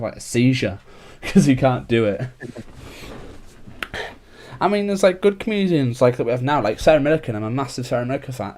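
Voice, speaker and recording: A young man hosting a casual podcast chat. He rambles from one thought to the next, packing his talk with filler words at a middling pitch. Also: a little mellow. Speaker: podcast host.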